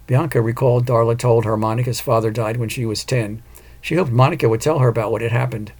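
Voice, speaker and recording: Gravelly male audiobook narrator. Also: medium pitch. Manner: even, measured storytelling. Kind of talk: scripted narration.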